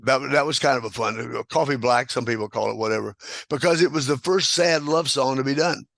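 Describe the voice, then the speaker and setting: A man's voice: medium pitch, a little fast, vocal fry, a bit bright, no room sound. An older man, a guest telling rambling anecdotes with chuckles and restarts. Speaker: guest square dance caller. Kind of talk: casual storytelling interview.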